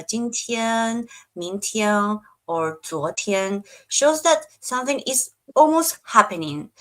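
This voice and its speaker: A woman's voice: medium pitch, a bit bright, poor audio. A woman co-hosting a Chinese grammar lesson, explaining carefully and giving examples. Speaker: Chinese teacher.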